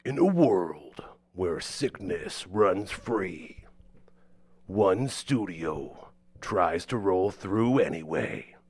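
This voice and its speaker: A man putting on the voice of a dramatic male movie-trailer narrator, slow and breathy. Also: deep voice, big pitch swings, a little mellow, no room sound, exaggerated voice. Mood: ominous.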